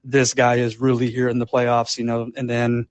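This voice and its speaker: A man calling in to a live podcast, talking casually in halting, rambling sentences full of fillers. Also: mid-range voice, monotone, dry recording. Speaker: caller. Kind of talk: casual call-in chat. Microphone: live audio app.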